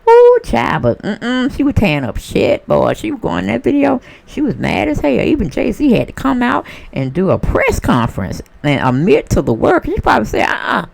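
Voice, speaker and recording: A woman giving a casual celebrity gossip monologue, sassy and animated, acting out what other people might have said. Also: a little high, normal speed, gravelly, hardly any pauses. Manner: sassy, animated storyteller who acts out other people's voices.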